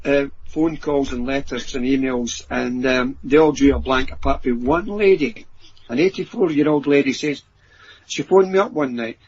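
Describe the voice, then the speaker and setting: A Scottish man, a paranormal researcher and author, telling anecdotes in an animated way on a podcast. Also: mid-range voice, moderate pace, a little hiss or hum. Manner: animated anecdotes acting out quoted voices. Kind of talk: storytelling in a podcast interview. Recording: dull lo-fi audio.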